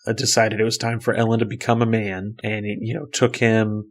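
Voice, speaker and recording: A man's voice: on the low side, flat delivery, brisk. A man co-hosting a podcast, casually retelling a book chapter in a loose way, full of fillers and restarts. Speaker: podcast co-host.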